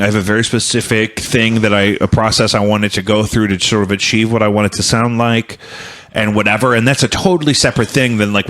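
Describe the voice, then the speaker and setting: A man's voice: lowish voice, a bit bright. A man hosting a podcast in a home studio, talking through ideas in long, thoughtful, rambling explanations. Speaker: podcast host. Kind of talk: casual chat.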